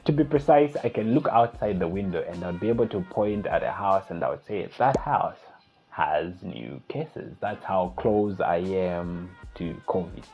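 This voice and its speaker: A young man vlogging, retelling a night of panic in a casual, animated storytelling way. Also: low voice, moderate pace, few pauses. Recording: slightly dull lo-fi recording with faint music.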